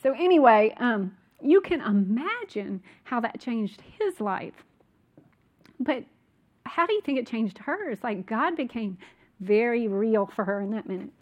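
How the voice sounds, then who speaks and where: A woman's voice: fairly high pitch, very animated, unhurried, muffled recording. A woman telling personal stories in a casual, rambling way, full of fillers and asides. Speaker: speaker recounting a conference.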